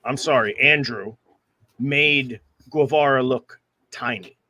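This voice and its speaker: Man, podcast host, loose and excitable, cussing casually, dry close mic. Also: medium pitch, slow pace, no room sound. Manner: animated, swears casually. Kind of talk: casual chat.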